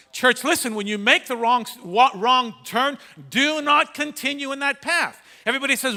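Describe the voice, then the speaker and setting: A middle-aged man preaching a sermon, telling a story with dramatic swings from loud to hushed. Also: extremely high pitch, expressive, brisk, hardly any pauses. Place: large church hall. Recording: echoey church hall.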